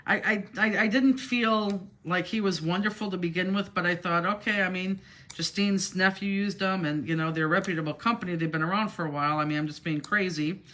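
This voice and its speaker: Bright-voiced chatty woman craft teacher. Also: on the low side, a little fast. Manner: chatty and rambling, acting out other people's words. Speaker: crafting instructor. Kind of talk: casual storytelling while teaching a craft live.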